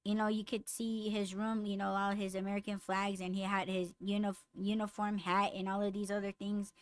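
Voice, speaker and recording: A woman hosting a podcast, chatting casually and bluntly with lots of swearing, getting raised and animated when riled. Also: mid-range voice, moderate pace, clear, resonant tone, no room sound. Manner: blunt, profane storytelling. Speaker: podcast host. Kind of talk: casual chat with live comments.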